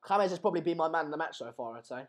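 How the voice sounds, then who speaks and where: A young man with a noticeably high voice hosts a live football stream. He breaks off his play-by-play to read viewer comments aloud, keeping the banter loose and chatty. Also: animated, very fast, a little hiss or hum. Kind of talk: live match watchalong commentary.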